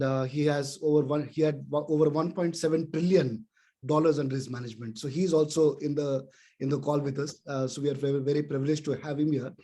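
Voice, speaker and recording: A man from the organizing side politely interrupting on a video call, halting as he speaks. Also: on the high side, warm tone.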